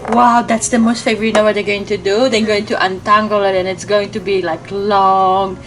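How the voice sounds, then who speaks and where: A woman's voice: mid-range voice, flat delivery, moderate pace, fairly bright tone. A young mother chatting casually with her child at home, asking simple questions and encouraging the answers. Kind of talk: casual teaching chat with a child. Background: background music.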